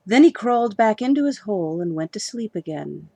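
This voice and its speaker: A woman reading a children's storybook aloud, lively and expressive. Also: medium pitch, brisk, vocal fry, husky, no room sound.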